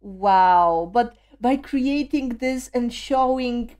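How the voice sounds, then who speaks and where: A woman's voice: on the high side, very slow, a little mellow. A woman hosting a music video reaction, talking emotionally with frequent awed exclamations.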